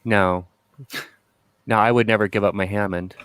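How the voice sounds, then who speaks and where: A man's voice: fairly low pitch, fairly even intonation, normal speed, a bit bright, clear, resonant tone, no room sound. A man hosting a podcast, casually telling stories with dry jokes and plenty of swearing. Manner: joking, profane storyteller. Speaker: podcast host. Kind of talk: casual chat.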